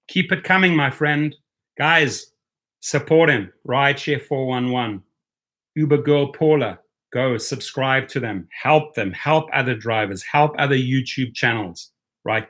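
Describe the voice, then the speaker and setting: A man's voice: medium pitch, bright, forceful tone. A man with a non-native English accent hosting a live stream, talking passionately and rallying his viewers. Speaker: rideshare YouTube host.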